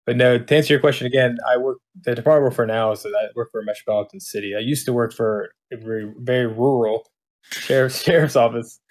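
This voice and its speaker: A man's voice: medium pitch, fairly even intonation, quick pace. Blunt laughing police officer man. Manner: laughing storyteller, blunt and profane. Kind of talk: casual podcast chat.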